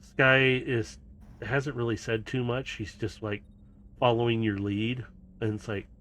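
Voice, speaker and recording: A man running a tabletop game as its game master, narrating scenes casually and with a storyteller's ease. His voice sits at an ordinary middle pitch for a man. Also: steady tone, unhurried, fairly bright tone, slight background noise.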